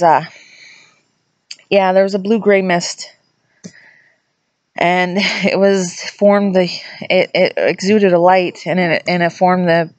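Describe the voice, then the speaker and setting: A woman's voice: on the low side, darkish tone, dry recording, muffled recording. A woman vlogger casually telling a ghost story, chatty and rambling, often correcting herself mid-sentence.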